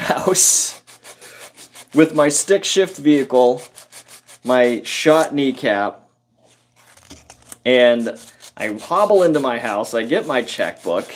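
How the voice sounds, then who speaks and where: Host: a man spinning a yarn while he works, slow and unhurried, lots of fillers and self-corrections. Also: medium pitch. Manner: rambling, halting, many fillers and self-corrections; chuckles through the telling. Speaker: carpentry livestream host. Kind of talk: casual storytelling while working.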